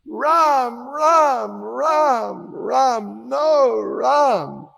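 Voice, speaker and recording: A man's voice: very animated, drawn-out words, gravelly, husky, big-room sound, heavily acted. A man playing Hanuman, tearful monkey devotee. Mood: tearful chanting. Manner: chanting the name in a cracking high pitch. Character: humble male monkey devotee, pleading and tearful.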